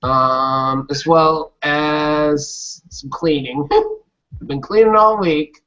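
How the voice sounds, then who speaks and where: Man, podcast co-host, slow halting talk, muffled sound, faint music behind. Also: a little high, a bit bright. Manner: slow, hesitant, many ums, laughs easily. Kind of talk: casual chat. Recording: dull lo-fi audio with faint music.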